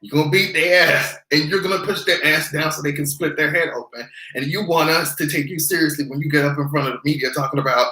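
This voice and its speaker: A vlogger ranting in casual commentary, profane and sarcastic, now and then slipping into high mocking voices. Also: quick pace, few pauses, pushed and bright, reverberant, low-quality recording.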